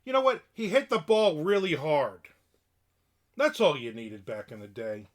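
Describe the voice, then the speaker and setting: A man's voice: a little high, sing-song, a little slow. A middle-aged man hosting a livestream, giving a casual rant in a blunt, profane and opinionated way. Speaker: livestream host.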